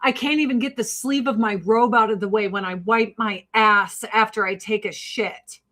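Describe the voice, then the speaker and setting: A woman's voice: mid-range voice, fairly even intonation, moderate pace, fairly bright tone, a little hiss or hum. Profane, blunt woman chatting with viewers. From Joliet, Illinois, USA. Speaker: livestream host and beauty product seller. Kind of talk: casual livestream chat with viewers.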